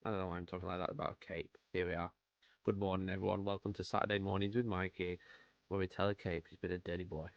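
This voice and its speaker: Painting miniatures on a live stream, this British man talks fast in a low voice with little pitch movement, chatting casually and greeting viewers by name. The recording is dry, with the highs cut off.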